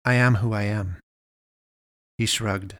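A man voicing a calm, gentle young man in an animal fursuit, speaking softly and unhurriedly. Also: fairly low pitch, slow, dry recording, studio quality.

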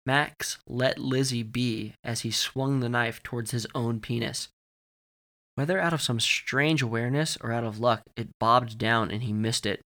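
A man narrating a horror story in a measured, deadpan way. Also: mid-range voice. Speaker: narrator and player.

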